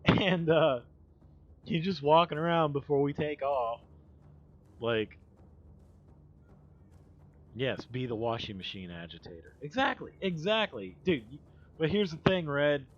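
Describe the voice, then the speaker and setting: A man's voice: on the high side, lively intonation, unhurried, long pauses, muffled recording. A man hosting a livestream, telling stories in a rambling, profane, casual way with laughing asides. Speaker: livestream host. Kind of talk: casual storytelling chat.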